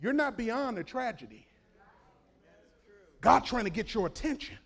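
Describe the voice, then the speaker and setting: High, gravelly-voiced preacher man. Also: very animated, measured pace. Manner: swings from quiet asides to shouted exhortation. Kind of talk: sermon.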